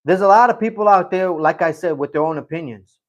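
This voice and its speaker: A man's voice: sits high, a little fast, highs cut off. A middle-aged man hosting a casual livestream, reading chat and telling a rambling story, often repeating himself.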